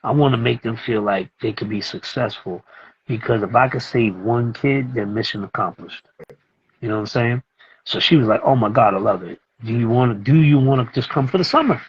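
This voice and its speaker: A middle-aged man, a music producer and teacher talking as a guest in a casual interview, telling animated stories and acting out what others said. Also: medium pitch, brisk, husky, highs cut off. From Brooklyn, New York. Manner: animated, acts out other people's lines as he tells a story.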